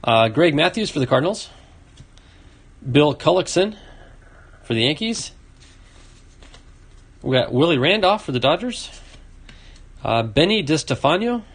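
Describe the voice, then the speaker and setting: A man's voice: a little high, sing-song, a little slow, long pauses, husky. A man hosting a casual card-opening video, reading off names and chatting to a viewer. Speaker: card collecting video host. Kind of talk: casual box-opening commentary.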